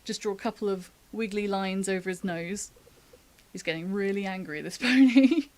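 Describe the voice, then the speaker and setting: In a mid-range voice with fairly even intonation and a moderate pace, a British artist runs a casual live-streamed drawing tutorial. She's chatty, thinks aloud as she sketches, and often laughs.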